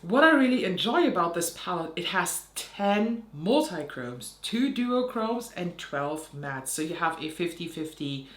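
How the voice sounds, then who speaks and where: A woman's voice: on the low side, very animated, a little slow, few pauses, a bit bright. A young woman makeup vlogger ranting in a heated, sarcastic way, with frequent swearing. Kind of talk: ranting vlog commentary. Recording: roomy echo.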